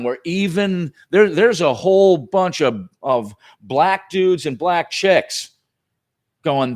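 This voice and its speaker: A man speaking as a guest on a casual chat podcast, animated and heated, often restarting his sentences. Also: on the high side, slow.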